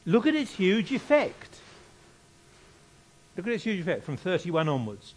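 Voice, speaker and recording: A man's voice: sits high, huge pitch swings, measured pace, pauses often. A man preaching a sermon, reading scripture aloud and repeating key phrases for emphasis.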